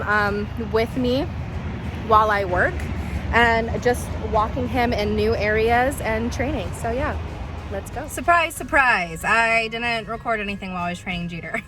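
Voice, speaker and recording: Woman, dog trainer, casual vlog, rambling storyteller, bright tone, faint background music. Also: on the high side. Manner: chatty, animated retelling with many ums.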